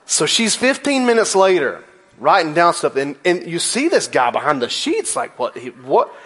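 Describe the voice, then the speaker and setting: A man's voice: high voice, huge pitch swings, normal speed, a bit bright, breathy edge. A man in his forties preaching a sermon in a church, telling a story with playful asides. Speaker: pastor.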